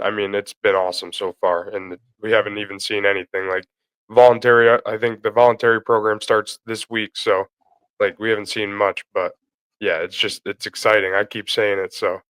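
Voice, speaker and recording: A man co-hosting a sports podcast in a relaxed, conversational way, full of casual fillers. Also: lowish voice, moderate pace, clear, resonant tone, dry recording, poor audio. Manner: relaxed, conversational, many fillers like "kinda" and "I mean".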